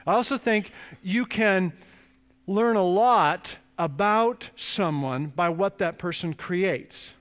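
A man preaching a sermon, emphatic and animated, with chatty asides. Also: high-pitched, slow pace. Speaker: pastor. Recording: long reverb in a large hall.

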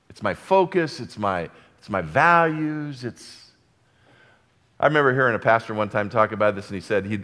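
A male pastor delivers a fervent sermon, his pitch leaping and dropping all the time. He moves from ringing exclamations to quiet, close asides. His voice trails off in the long reverb of a large church hall. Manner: fervent, swinging from loud exclamations to hushed asides.

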